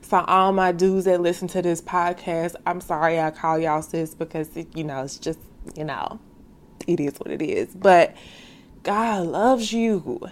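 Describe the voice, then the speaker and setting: A woman's voice: lowish voice, unhurried. Young woman, faith podcast host, earnest and casual direct address. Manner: earnest, heartfelt, calls listeners sis; casual slangy speech.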